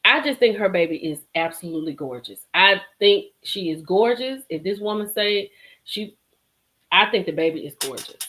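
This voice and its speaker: A woman's voice: medium pitch, moderate pace. A woman hosting a live stream show, chatting with viewers, laughing and reading their comments. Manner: animated, laughs often, chatty Southern-style slang.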